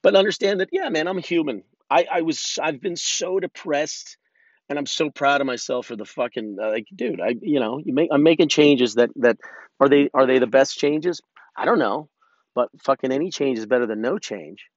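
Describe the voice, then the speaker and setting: Talking alone on his podcast, this host speaks in a slightly high voice at a moderate pace, with no echo on a lo-fi recording. His casual monologue is candid and self-reflective, rambling along with frequent swearing and restarted sentences.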